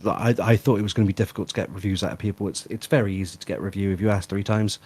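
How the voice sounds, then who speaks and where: A man's voice: fairly low pitch, fairly even intonation, rapid-fire, a little mellow, slightly rough. A man giving practical business advice in a casual live stream chat, with chatty fillers. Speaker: guest and fellow tradesman.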